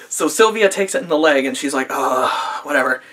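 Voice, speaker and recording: A man's voice: fairly high pitch, animated, fairly quick, a bit bright. A man recapping an anime episode in a casual video review, sarcastic and profane, laughing often, recorded on a camera mic.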